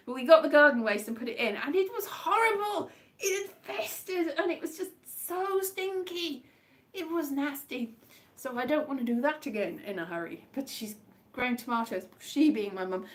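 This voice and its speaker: Woman, high voice, chatty live-stream ramble from indoors at home. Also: fairly bright tone. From Wales. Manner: rambling, chatty, jumps between tangents. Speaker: comedian live-streaming to viewers. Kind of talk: casual live-stream chat.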